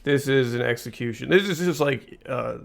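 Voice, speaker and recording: A man's voice: medium pitch, normal speed, vocal fry. A man co-hosting a comedy podcast, answering with dry, blunt one-liners. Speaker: podcast co-host.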